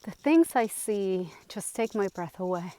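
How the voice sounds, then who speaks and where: On a mountain trail, a woman vlogs about her hike, chatting to the camera in a casual, easily delighted way and sometimes getting short of breath from the climb. Her mid-range voice is animated and warm at a measured pace, with slight background noise.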